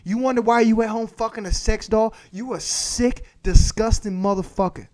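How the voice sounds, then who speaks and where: A man's voice: sits high, fairly even intonation, moderate pace, a little mellow. Crude ranting male livestream host. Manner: blunt, crude, repeats points for emphasis. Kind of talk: profane advice rant.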